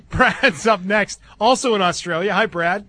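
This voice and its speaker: A man hosting a sports radio show, playful and quick to laugh. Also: high voice, pushed and bright, no echo. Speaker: radio host.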